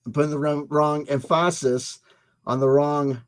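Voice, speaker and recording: His voice runs a little high, with a steady tone and moderate pace. Hosting his own channel, this man wanders jokingly through history and dates, talking back to himself, tripping over words and often repeating himself.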